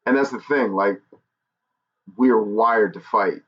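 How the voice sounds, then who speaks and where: Candid male streamer, fairly low voice, muffled lo-fi stream sound. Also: a little slow. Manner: earnest, candid, jokes between somber moments. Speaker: YouTube livestream host. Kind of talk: casual livestream talk to viewers. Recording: dull lo-fi stream audio.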